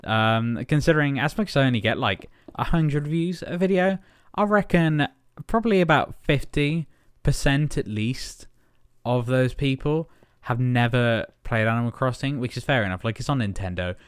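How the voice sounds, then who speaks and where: A man's voice: mid-range voice, expressive, normal speed, smooth, dry recording, clean studio sound. A young man casually chatting while building in a game, rambling with many fillers and little chuckles. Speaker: gaming channel host. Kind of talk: casual Minecraft building commentary.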